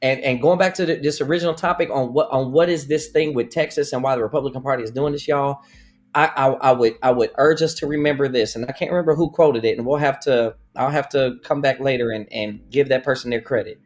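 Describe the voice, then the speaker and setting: A man's voice: mid-range voice, steady tone, fast talker. A man co-hosting a podcast, arguing his point in casual commentary and acting out what he would say. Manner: argumentative, acts out speeches. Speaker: podcast co-host.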